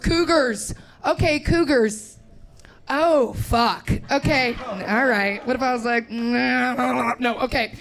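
A woman's voice: high-pitched, slow. Young woman comic from Indiana, brash crowd work, live club mic with a roaring audience. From Indiana, USA. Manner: brash, crude, laughing, riffing with audience. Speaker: stand-up comedian. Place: comedy club stage.

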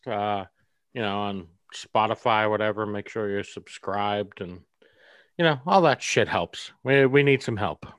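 A man's voice: lowish voice, measured pace, no echo. A man co-hosting a casual podcast, dry and sarcastic, swearing casually. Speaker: podcast co-host. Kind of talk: casual chat.

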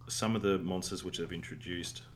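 A man with an Australian accent co-hosting a podcast, talking games casually and excitedly in laid-back slang. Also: low-pitched, fairly quick, slight background noise. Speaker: podcast co-host. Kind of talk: casual gaming chat.

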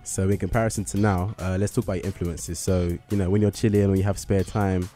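A man's voice: sits low, little pitch movement, fast, mellow, soft background music. A man hosting a radio show from a studio, chatting and joking casually with his guest. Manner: chatty, joking, laughs easily.

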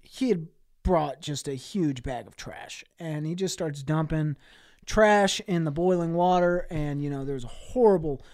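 A man co-hosting a podcast, telling an absurd improvised story in a deadpan way with many fillers. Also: on the high side, a little slow. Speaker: podcast co-host. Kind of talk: casual comedic improv chat.

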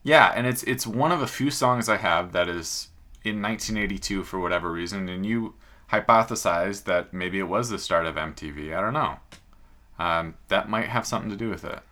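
A man's voice: sits low, a little fast, pushed and bright. A man co-hosting a casual podcast, upbeat and jokey, asking his partner questions. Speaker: podcast co-host. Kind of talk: casual chat.

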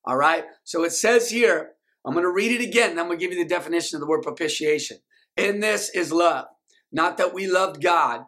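A man's voice: on the high side, normal speed, fairly bright tone. A male pastor, preaching a sermon and leading the congregation in call-and-response.

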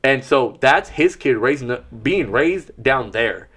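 A man in relaxed conversation with a middle-range voice. He tells stories with energy and slips into acted-out quotes. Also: medium pitch, measured pace, slightly rough. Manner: animated storyteller who acts out quotes. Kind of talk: casual chat.

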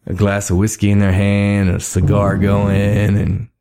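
Through a studio microphone, a Texan podcast host chats casually, rambling and laughing a lot. His lowish voice is monotone, creaky, dark and smooth, and he talks a little slowly.

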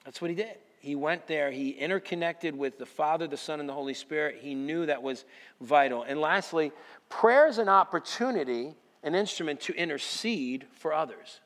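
A male pastor preaching a sermon, telling a personal story with lively quoted dialogue. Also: on the high side, moderate pace, long reverb tail.

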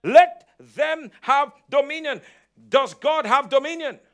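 High-voiced preaching man, emphatic. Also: takes it slowly, a bit bright. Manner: emphatic, repetitive preaching with call-and-response. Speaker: pastor. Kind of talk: sermon. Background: congregation answering amen.

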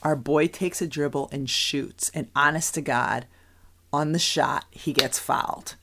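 A woman's voice: low-pitched, measured pace, creaky, background noise. A middle-aged woman chatting casually as a podcast co-host, telling stories with lots of laughter and restarts. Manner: animated storyteller, laughs often, many restarts. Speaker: podcast co-host, youth basketball coach. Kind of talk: casual chat.

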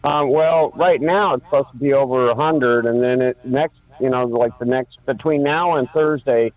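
A man calling in to a radio show, speaking in a halting, hesitant way with many fillers. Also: medium pitch, no echo. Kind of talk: casual phone call. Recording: dry, tinny phone line.

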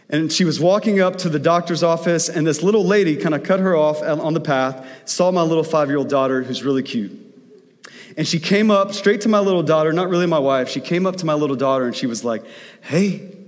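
A man's voice: a little high, long reverb tail. A man preaching a sermon as pastor, telling stories in a conversational way.

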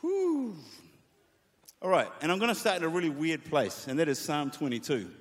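A man preaching a sermon to worship leaders, reading scripture aloud with feeling and speaking with lively emphasis. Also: fairly high pitch, fast. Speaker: pastor. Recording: long reverb of a hall.

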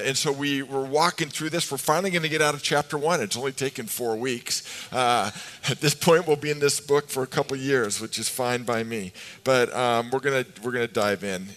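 A middle-aged pastor with a medium-pitched, slightly bright voice preaches at a moderate pace in a church sanctuary full of congregants. He tells humorous stories conversationally and asks the people questions, all under long hall reverb.

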